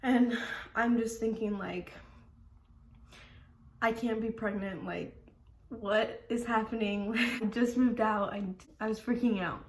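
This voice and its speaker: A woman's voice: on the high side, steady tone, takes it slowly, pauses often. Young woman vlogger, rambling casual storyteller, says "like" a lot, laughs easily, roomy echo. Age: young adult. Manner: rambling, fills with "like", laughs often. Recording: echoey room.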